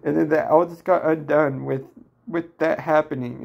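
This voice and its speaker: A man in his twenties venting in a downcast, distressed personal vlog, talking haltingly with many restarts. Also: on the high side, steady tone, gravelly, darkish tone. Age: 20s. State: emotionally distressed. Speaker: vlogger.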